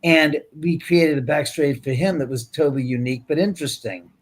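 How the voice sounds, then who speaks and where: A man's voice: on the high side, a little fast. A man from Los Angeles, a guest film producer, telling stories on a podcast and acting out quoted dialogue with lots of restarts. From Los Angeles, USA. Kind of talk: animated storytelling on a podcast.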